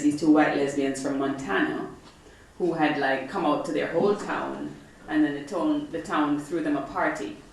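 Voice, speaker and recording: A middle-aged woman reading from her memoir to a live audience, expressive and profane with comic timing. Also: low voice, creaky. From Jamaica. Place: arts center event hall, audience present. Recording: echoey hall from far off, faint noise.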